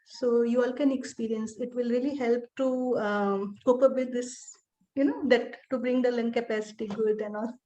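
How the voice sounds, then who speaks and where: A woman's voice: fairly high pitch, steady tone, normal speed, dark tone, muffled recording. A woman who teaches yoga, speaking as a guest on a video call, hesitant with many fillers. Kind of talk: casual guest greeting.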